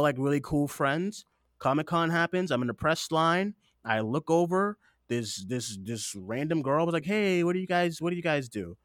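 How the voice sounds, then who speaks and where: A man's voice: on the high side, fairly bright tone, no echo, studio quality. A man hosting a podcast in casual chat, rambling and earnest, swearing now and then, teary-eyed while speaking into a desktop mic. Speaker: podcast host.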